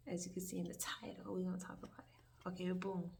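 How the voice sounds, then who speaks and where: Talking fast in a low, gravelly whisper, a young woman tells a meandering, curse-heavy story in a casual storytime vlog. She's animated and frequently sidetracked, and the distant mic picks up a faint hiss.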